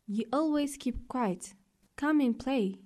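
A woman's voice: sits high, takes it slowly, darkish tone, slight background noise. A woman voicing a friendly, playful cat in a children's storybook, with a coaxing manner. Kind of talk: storybook read-aloud.

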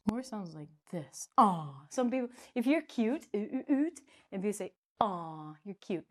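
A woman teaching English pronunciation in a playful, jokey way, often breaking into loud, high, exaggerated sound demonstrations.

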